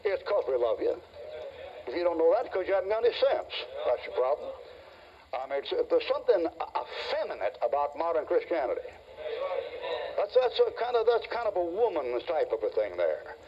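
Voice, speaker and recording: An older man preaching a fiery, mocking sermon to a congregation, yelling and growling as he goes. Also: a little high, very animated, moderate pace. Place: church before a congregation. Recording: muffled old tape with hiss.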